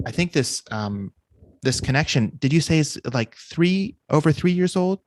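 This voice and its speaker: A man's voice: mid-range voice, lively intonation, normal speed, dry recording. A man co-hosting a podcast, speaking in a thoughtful, reflective way. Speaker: podcast co-host. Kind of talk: casual interview talk.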